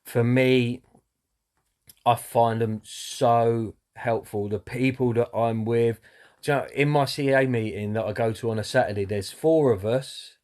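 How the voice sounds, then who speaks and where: A man's voice: medium pitch, steady tone, a little slow, darkish tone. A man talking openly about his recovery, earnest and candid, with many fillers and some swearing. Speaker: person in recovery sharing his story. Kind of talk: personal talk to camera.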